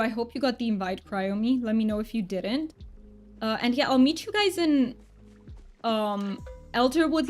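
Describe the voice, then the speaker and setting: A woman game streamer chatting casually with her viewers and thanking them often. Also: on the high side. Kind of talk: casual live-stream chat. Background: faint background music.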